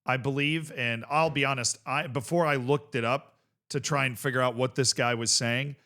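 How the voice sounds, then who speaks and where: A young man hosting a casual video reaction show, talking in an animated, rambling way with swearing and bursts of laughter. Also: medium pitch, normal speed. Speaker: host.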